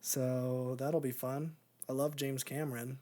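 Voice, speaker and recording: A man's voice: mid-range voice, flat delivery, measured pace, a little mellow. A man co-hosting a podcast, rambling and joking in casual chat. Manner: rambling, joking, laughs often. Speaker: podcast co-host.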